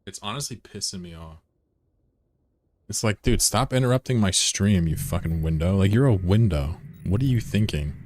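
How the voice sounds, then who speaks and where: A man's voice: sits low, lively intonation, moderate pace, a little mellow. A man chatting casually to his viewers during a live game stream at home, rambling and swearing freely. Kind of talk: casual live-stream chat while gaming. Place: room at home with a window.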